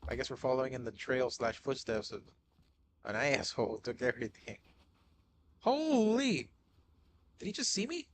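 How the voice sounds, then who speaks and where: A young man giving excitable live gameplay commentary, swearing often, calling everyone bro and dude, and panicking in repeated shouts. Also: mid-range voice, normal speed, long pauses, a little hiss or hum. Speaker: gaming streamer.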